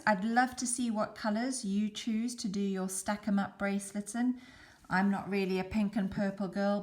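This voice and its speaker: Woman walking you thru a bead tutorial, chatty and easygoing, mid pitch. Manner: calm, chatty explaining while working. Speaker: beading tutorial host. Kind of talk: step-by-step craft demonstration.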